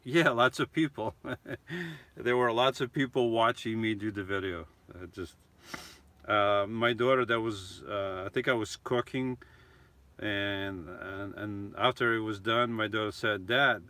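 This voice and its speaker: Middle-aged male vlogger, lowish, bright-edged voice, rambly, self-correcting live-chat delivery. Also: unhurried, dry recording. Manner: chatty, rambling, frequent restarts and self-corrections. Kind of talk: casual live-stream chat.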